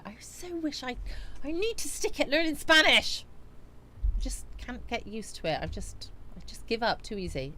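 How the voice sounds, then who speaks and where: A woman's voice: a little high, a bit bright, a little hiss or hum. A woman hosting a casual live chat stream. She talks in a chatty way, reading out viewer comments and answering them, and she laughs at her own jokes.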